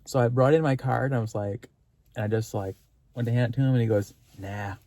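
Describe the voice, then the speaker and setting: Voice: medium pitch, steady tone, quick pace, warm tone. A vlogger telling a story in a rambling, gushing way, with many fillers and restarts and an earnest, spiritual tone. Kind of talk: casual storytelling vlog.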